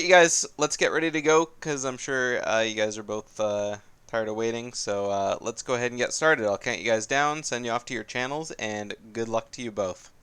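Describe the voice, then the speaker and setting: Clear and resonant, this man's voice sits on the low side as he casts a live racing game tournament. His esports play-by-play is chatty and laid-back, trailing off with fillers, and soft game music is in the background.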